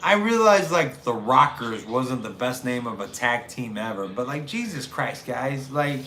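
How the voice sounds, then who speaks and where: A man's voice: medium pitch, lively intonation, unhurried, pushed and bright. A man in his thirties hosting a call-in show, chatting casually in a profane, rambling way with lots of fillers. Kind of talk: casual chat. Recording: roomy room with faint noise.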